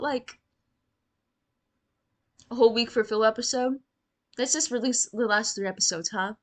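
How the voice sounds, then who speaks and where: A woman's voice: fairly high pitch, a bit bright. A young woman giving casual reaction commentary on a TV show, blunt and sarcastic, swearing freely and talking straight to the characters.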